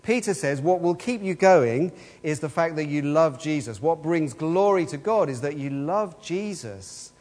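A man's voice: on the high side, expressive, unhurried, hardly any pauses, a little mellow. A man preaching a sermon in an earnest way, asking the same questions again and again. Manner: earnest, repeats rhetorical questions. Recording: long hall reverb.

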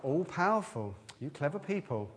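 A man giving a lively, interactive children's talk in a church service, quizzing the children as he goes. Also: a little high. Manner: lively, questioning the children, quick asides.

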